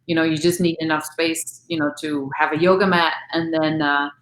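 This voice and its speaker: A woman's voice: low-pitched, flat delivery, moderate pace, reverberant, low-quality recording. A woman, an actress and recording artist, chatting casually as an interview guest, laughing often and talking with many fillers.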